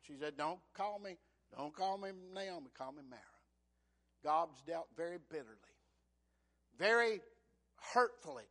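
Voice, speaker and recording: A middle-aged male pastor preaching a sermon, swinging from hushed whispers to loud, dramatic peaks. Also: on the high side.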